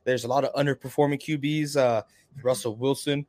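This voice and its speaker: A man co-hosting a podcast in an animated, emphatic way, chatting and hyping his picks. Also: medium pitch, brisk. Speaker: podcast co-host. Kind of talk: casual fantasy football chat.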